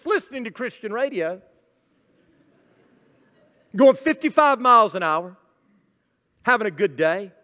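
Pasteur à voix très aiguë et claire. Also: male voice, very high voice, bright, forceful tone. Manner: emphatic preaching, direct address. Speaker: pastor. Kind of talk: sermon. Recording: long church-hall reverb.

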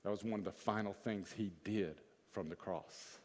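A man preaching a sermon as pastor, moving between loud urgent peaks and soft, low asides, and asking the congregation questions. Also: moderate pace. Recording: long reverb of a church hall.

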